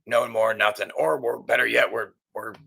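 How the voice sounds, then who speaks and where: A man's voice: medium pitch, fairly even intonation, normal speed, vocal fry, bright, forceful tone, slightly rough. A middle-aged man hosting his own channel, ranting angrily in a profane, agitated monologue full of stumbling restarts. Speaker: channel host.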